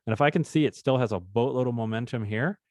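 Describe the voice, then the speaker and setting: A man's voice: medium pitch, fast, dry recording, studio quality. A man hosting a live trading session, talking through charts in a chatty, upbeat way and joking with the group. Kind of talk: casual live trading demonstration.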